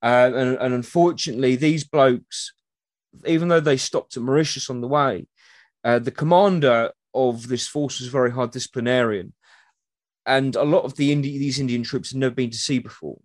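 Male history guest, loose and chatty storyteller, mid pitch, dry close sound. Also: normal speed, no room sound. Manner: chatty, animated, acts out quotes in the stories. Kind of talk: casual storytelling interview.

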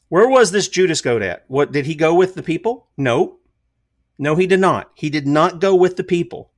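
Guy hosting a political commentary show, bit high voice, emphatic, tons of rhetorical questions. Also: expressive, normal speed.

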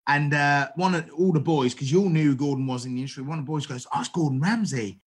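Animated man telling chef stories. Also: fairly high pitch, quick pace. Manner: animated, acts out quoted dialogue, frequent restarts. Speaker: chef, interview guest. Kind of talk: casual storytelling.

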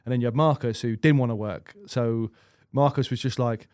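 A man's voice: mid-range voice, steady tone, moderate pace, a little mellow, dry recording, clean studio sound. A man in his thirties, a podcast guest, chatting casually and rambling through swear-laced anecdotes with lots of restarts. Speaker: guest goalkeeper. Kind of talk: casual storytelling chat.

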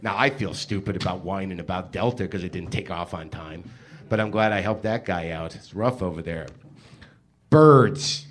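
A man's voice: low-pitched, normal speed. A man hosting a podcast live on a theater stage, reading listener emails aloud with sarcastic, exasperated asides.

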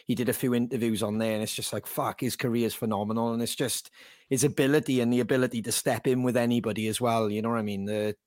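A man's voice: medium pitch, steady tone, quick pace, a little mellow, dry recording, studio quality. A man co-hosting a casual podcast, enthusiastic and swearing freely, with lots of fillers. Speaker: podcast co-host.

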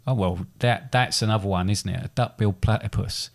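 A man's voice: fairly low pitch, brisk, creaky. A man chatting casually as a podcast co-host, rambling and self-deprecating, with hesitant restarts. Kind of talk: casual chat.

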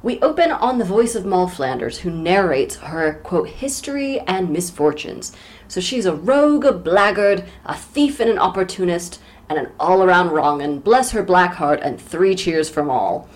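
A woman's voice: on the low side, expressive, moderate pace, slight background noise. A woman co-hosting a podcast who chats casually about a novel with wry, joking asides. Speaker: podcast co-host. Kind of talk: casual book discussion.

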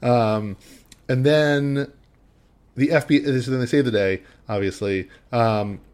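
A man's voice: medium pitch, unhurried, darkish tone. A man co-hosting a podcast, recapping a film in casual chat and rambling with lots of ums. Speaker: podcast co-host.

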